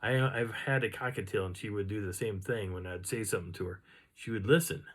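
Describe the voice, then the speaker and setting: A man casually recounting an outdoor encounter in a rambling, animated way, now and then imitating the sounds he heard. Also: fairly low pitch, quick pace. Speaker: outdoor storyteller. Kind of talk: casual first-person storytelling.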